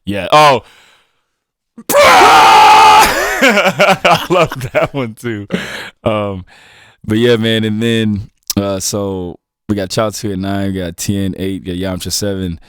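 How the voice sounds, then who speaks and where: A man's voice: lowish voice, a little slow, fairly bright tone, clean tone, dry recording. A man co-hosting a casual podcast, talking in loose slang and laughing often. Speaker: podcast co-host.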